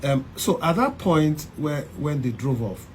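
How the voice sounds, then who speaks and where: A man hosts the interview, chiming in with brief agreements and pressing follow-up questions. His voice sits a little high for a man, with a faint hiss in the background. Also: big pitch swings, unhurried. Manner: short backchannels and probing follow-up questions. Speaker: interview host.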